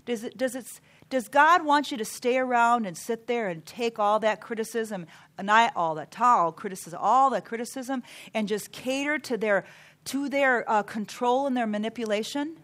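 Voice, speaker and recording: A woman's voice: fairly high pitch, moderate pace, a bit bright. A woman preaching a sermon, earnest and emphatic, counting off numbered points.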